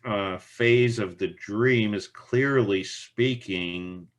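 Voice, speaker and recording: A middle-aged man, a Jungian analyst being interviewed, speaking in a slow, reflective way and recounting case stories. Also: deep voice, a bit bright. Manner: slow, reflective, storytelling with quoted dialogue. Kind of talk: thoughtful interview conversation.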